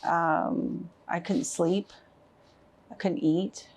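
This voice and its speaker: A middle-aged woman giving a personal account of her husband's illness, halting with fillers and restarts. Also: lowish voice, steady tone, a little mellow. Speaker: interviewee, wife of a covid patient. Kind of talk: personal testimony.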